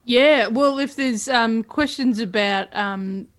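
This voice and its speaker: A woman, a comedian guest on a quiz podcast, hesitant and deadpan with lots of ums. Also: a little high, slow.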